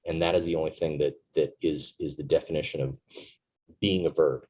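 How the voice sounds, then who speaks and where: A man in his thirties with a deep, dark, husky voice. He tells a story from his service earnestly and reflectively as an interview guest, checking in with "right?" as he goes. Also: fairly even intonation, a little fast, low-quality recording. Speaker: interview guest, Marine veteran.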